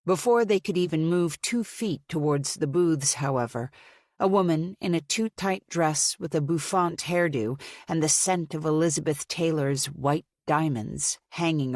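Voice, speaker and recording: A woman reads a suspense novel aloud in a steady, measured way. Her voice sits low, and the recording is close and dry, with no room sound around it. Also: no echo. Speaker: audiobook narrator. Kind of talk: scripted audiobook narration.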